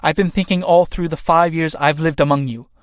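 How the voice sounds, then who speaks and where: A man voicing an earnest young woman who pleads softly and slowly with her husband in a read-aloud play. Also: fairly high pitch, steady tone, clear, resonant tone, no room sound, studio quality, lightly acted.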